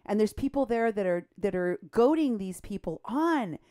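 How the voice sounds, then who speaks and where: A woman co-hosting a political talk show, animated and indignant, her voice jumping up when she is outraged. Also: mid-range voice, moderate pace, clear, resonant tone. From Mexico. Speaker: co-host.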